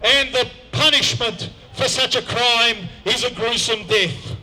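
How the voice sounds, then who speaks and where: Stern chief pronouncing judgment , guy doing the voice in a joke, real high bright voice. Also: unhurried, full character voice, low-quality recording. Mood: solemn. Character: stern tribal chief, male, commanding.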